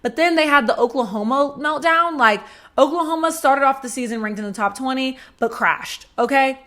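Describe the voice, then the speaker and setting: A Georgia fan hosts her own sports podcast, dishing out sassy, blunt commentary full of casual swearing and mocking asides. Her voice is high and a bit bright, at a normal speed.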